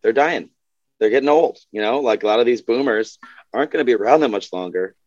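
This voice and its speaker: A man's voice: mid-range voice, quick pace, darkish tone, dry recording, dull audio. A man guest on a podcast, talking earnestly and with worry in casual conversation. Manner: earnest, worried.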